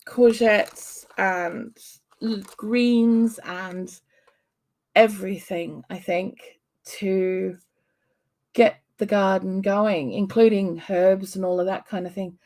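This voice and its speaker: A woman talks at an unhurried, slow pace on a casual livestream, rambling comfortably and answering viewer comments as she goes. Her pitch sits in an ordinary middle range, and her talk is filled with frequent ums. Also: fairly even intonation, darkish tone. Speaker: livestream host chatting with viewers. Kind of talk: casual live-stream chat.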